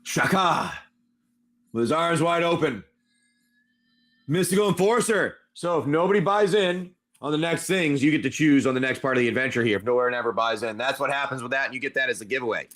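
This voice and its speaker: A man's voice: mid-range voice, fast talker, few pauses, a bit bright. A man improvising tabletop game narration on a live stream as game master. He rambles and corrects himself as he goes. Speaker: game master and livestream seller.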